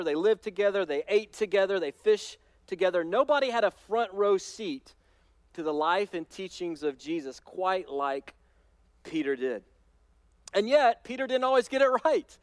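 A man pastor preaching a sermon in a conversational, animated storytelling way with touches of humor. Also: sits high, no echo.

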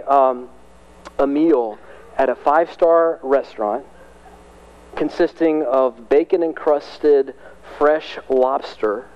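A man preaching a sermon as a pastor, conversational and animated, his voice climbing high and loud when he gets excited. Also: lo-fi sound.

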